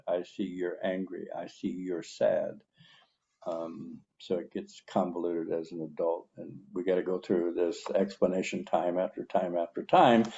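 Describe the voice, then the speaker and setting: Slow, deliberate low-voiced man. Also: warm tone, highs cut off. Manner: slow, deliberate, drawn-out words with pauses. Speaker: co-host of a recovery talk show. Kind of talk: reflective personal sharing. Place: a room with people.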